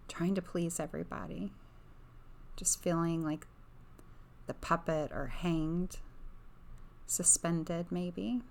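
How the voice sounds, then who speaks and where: A woman reads oracle cards in a soft ASMR chat, her low voice carrying a gravelly fry. She keeps close to the microphone and slips between hushed speech and whispers. She gushes dreamily, with a faint hiss of noise behind her. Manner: soft-spoken, slipping in and out of whispers; dreamy, enthusiastic, gushing. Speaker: oracle card reader and livestream host.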